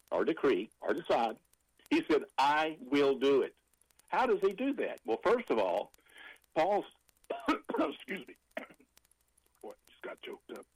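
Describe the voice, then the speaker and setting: A man's voice: mid-range voice, no room sound, poor audio. Rambling, emphatic male preacher. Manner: rambling, emphatic, with restarts and scripture quotes. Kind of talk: informal preaching on a broadcast.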